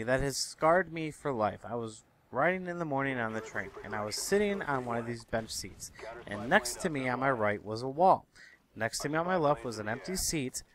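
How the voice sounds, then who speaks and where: A young man ranting through his everyday stories in a profane, exasperated, animated way, talking straight to his viewers. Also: medium pitch, a little hiss or hum. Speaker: commentary vlogger. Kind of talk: ranting storytelling monologue. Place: Chicago area.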